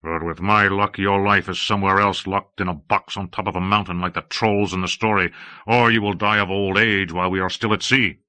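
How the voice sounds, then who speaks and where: A man voicing a bold, gruff male Norse raider chief in an audiobook reading, speaking deliberately. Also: sits low, fairly even intonation, bright, forceful tone, no room sound. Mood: commanding.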